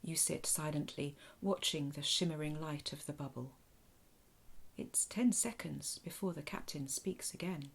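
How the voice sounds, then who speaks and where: A woman tells a children's story in a low, slow, soft voice. Her hushed delivery often drops toward a whisper. Her tone is husky with a gravelly edge. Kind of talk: guided imagination story narration.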